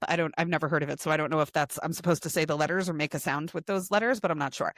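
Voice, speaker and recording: A woman's voice: low voice, very fast, few pauses, no echo. A woman co-hosting a podcast in casual chat, reading out a long list with dry asides. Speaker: podcast co-host.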